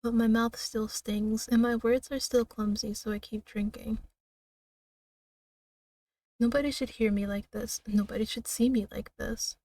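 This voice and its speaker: Woman streamer reading a story game out loud, high mellow voice, kinda dramatic, sounds a bit off mic. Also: fairly even intonation, dry recording, distant mic. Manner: slow, dramatic reading broken by laughs and asides. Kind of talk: reading a narrative game aloud.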